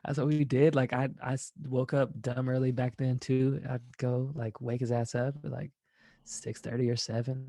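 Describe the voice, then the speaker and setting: A man's voice: mid-range voice, level tone, normal speed, dark tone, no room sound, studio quality. A man, a former college basketball player, guesting on a podcast and telling rambling, profane stories in a laid-back way. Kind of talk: casual storytelling.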